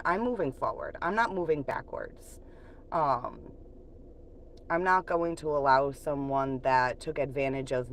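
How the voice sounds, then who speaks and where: A woman with a low-pitched voice hosts a casual livestream, venting bluntly and profanely about an ex and laughing often. She turns reflective when she talks about moving on. Slight background noise is audible.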